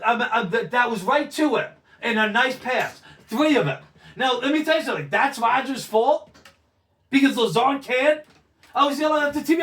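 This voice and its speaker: A man co-hosting a sports talk show, arguing loudly and insistently, often swearing. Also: very high voice, moderate pace, distant mic. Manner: argumentative, loud, interrupting, swears. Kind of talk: heated sports debate.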